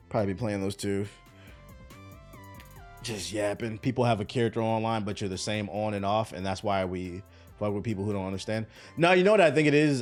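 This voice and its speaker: A man hosting a livestream, chatting casually and retelling arguments by quoting people in lively bursts. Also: fairly low pitch. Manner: animated storytelling, quoting others. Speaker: livestream host. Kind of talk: casual stream chat.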